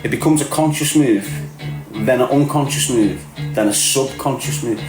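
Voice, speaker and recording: A man's voice: medium pitch, moderate pace. A middle-aged man with a thick Scouse accent rants on his livestream, trading streetwise, mocking banter and laughing often. His voice sits mid-range and bounces around a roomy space. Faint music plays underneath. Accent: Scouse (Liverpool). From Liverpool area, England. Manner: mocking, streetwise banter, frequent laughter, calls everyone "lad". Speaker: livestream host. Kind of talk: casual livestream rant.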